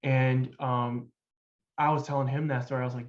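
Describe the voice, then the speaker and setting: A man's voice: mid-range voice, little pitch movement. Young guy rambling thru his story, lots of ums and likes, kinda muffled lo-fi sound. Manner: loose and halting, with many fillers. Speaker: guest. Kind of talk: casual storytelling. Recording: dull lo-fi sound.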